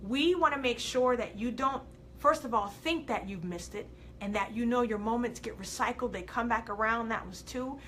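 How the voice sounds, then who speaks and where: A woman hosting a live inspirational video, preaching with big swings from loud to soft and reading viewer comments aloud. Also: fairly high pitch, moderate pace, slight background noise. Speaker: host of a live faith and life coaching show.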